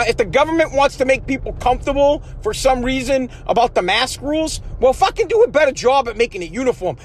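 High-voiced man ranting angrily in a car. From United States. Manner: aggravated, profane ranting with frequent restarts. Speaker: podcast host. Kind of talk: ranting solo podcast. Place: in a parked car.

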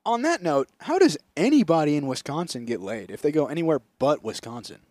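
Animated, profane young podcast host. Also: male voice, on the high side, a little fast, no room sound, clean studio sound. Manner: profane, animated, slips into mocking impressions. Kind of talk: casual comedic chat. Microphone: close podcast mic.

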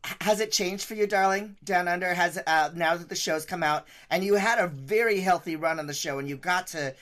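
A man's voice: high voice, fairly quick, fairly bright tone. A man hosting a casual talk show, chatty and crude, laughing easily as he introduces and questions guests. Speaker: host.

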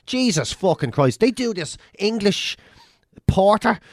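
An Irish man trades banter on a podcast, cursing through nearly every sentence and acting out sounds for effect. His voice sits on the high side for a man. The recording is dry and close, with no room sound. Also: unhurried, no echo. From Ireland. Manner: swears constantly, animated rants with mimicked drum sounds. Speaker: podcast co-host. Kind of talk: casual chat.

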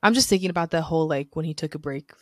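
A woman co-hosting a podcast in casual chat, excitable and gushing, swearing freely. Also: sits low, rapid-fire, a loud crowd. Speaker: podcast co-host.

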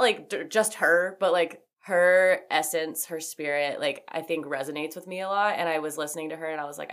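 A woman's voice: lowish voice, fairly bright tone. A young woman hosting a podcast, chatting casually with lots of "like" fillers and easy laughter. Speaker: podcast host. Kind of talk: casual chat.

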